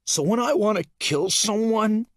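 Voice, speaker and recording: A man's voice: sits high, a little slow, no echo, clean studio sound, pitched above the performer's own voice. A man voicing a choked, hysterical giant. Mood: distraught. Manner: choked, sobbing, menacing.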